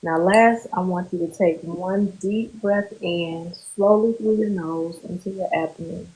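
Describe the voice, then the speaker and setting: A woman therapist leading a group through a guided muscle relaxation exercise, giving slow, calm instructions with pauses. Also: lowish voice, a little hiss or hum, low-quality recording.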